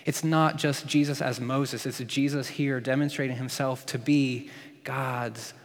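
A man's voice: mid-range voice, steady tone, a little slow, big-room sound. A man preaching a sermon as a pastor, playful and joking with asides.

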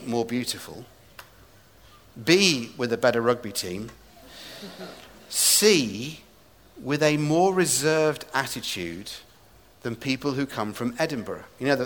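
A man from England preaching a sermon with humor and animated asides, recorded in a large church hall. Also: medium pitch. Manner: humorous, animated storytelling with quips. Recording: echoey hall reverb.

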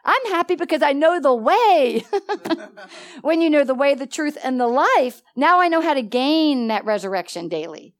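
Woman, Bible study teacher, bright higher voice, lively, laughs easily, acts out dialogue. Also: unhurried. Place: church meeting room.

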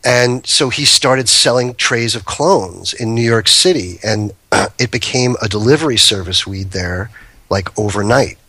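A man's voice: medium pitch, a little slow, bright, forceful tone, slightly rough, no echo. A man guest on a podcast telling rambling anecdotes full of restarts and asides. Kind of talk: casual storytelling.

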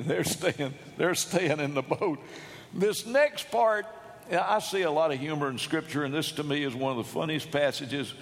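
A man preaching a sermon, emphatic, rising to loud shouts when he quotes. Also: a little high. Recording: long hall reverb.

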